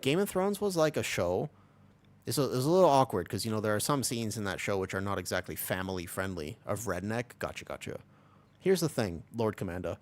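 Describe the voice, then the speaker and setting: A man's voice: on the low side, animated, a little fast. A man in his twenties chatting casually on a live stream, rambling and restless, full of restarts and the odd swear word. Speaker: Twitch streamer.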